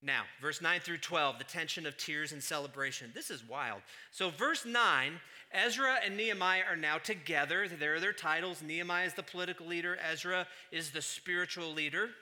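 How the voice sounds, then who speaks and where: Bright-voiced man preaching with emphasis. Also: a little high, normal speed. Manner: emphatic preaching, swings from hushed to loud. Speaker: pastor. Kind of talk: sermon.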